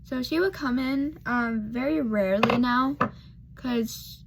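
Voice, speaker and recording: A woman's voice: fairly high pitch, slow pace, background noise. An eighteen-year-old woman telling a personal story in a casual, rambling way, full of fillers and self-deprecating remarks, with murmured asides. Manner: murmured asides while doing makeup.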